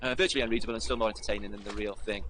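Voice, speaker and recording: A man hosting a casual livestream, talking in a sweary, sardonic and animated way. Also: lowish voice, rapid-fire, slight background noise, poor audio. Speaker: livestream host and author.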